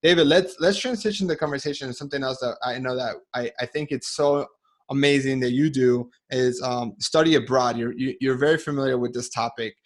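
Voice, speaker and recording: A man's voice: mid-range voice, brisk. A man hosting a casual interview in a mid-range voice. He speaks hesitantly and often restarts his phrases as he leads into a question for his guest. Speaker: host.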